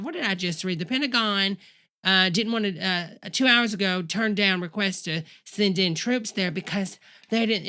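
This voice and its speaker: A woman voices a brassy, profane church-lady character in a comedic livestream rant. She rambles and curses, calling her viewers honey. Her voice rings bright and forceful. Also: medium pitch, close to an everyday voice. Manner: profane, rambling ranting, calls listeners honey. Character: foul-mouthed, sassy female church-leader character, middle-aged.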